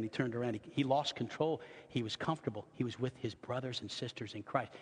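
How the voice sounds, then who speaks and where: A male pastor delivering an impassioned sermon in a church, moving between loud exhortation and quiet, intimate passages. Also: medium pitch, slightly rough. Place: church sanctuary. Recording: long hall reverb.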